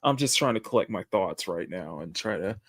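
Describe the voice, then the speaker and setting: A man hosting a casual live-stream chat, talking in a halting way with frequent restarts as he gathers his thoughts. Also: low voice, expressive, fairly bright tone, dry recording. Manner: halting, restarts often, stalls while collecting his thoughts. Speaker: livestream host.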